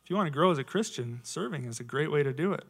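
A man's voice: fairly high pitch, animated, rapid-fire, gravelly, a bit bright. A man in his thirties giving a casual, conversational sermon to his church, full of rhetorical questions. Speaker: lay preacher.

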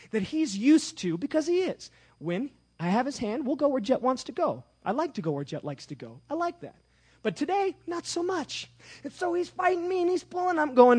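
Husky high-voiced animated male preacher. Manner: animated, swings from hushed to shouting. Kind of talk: sermon with personal story.

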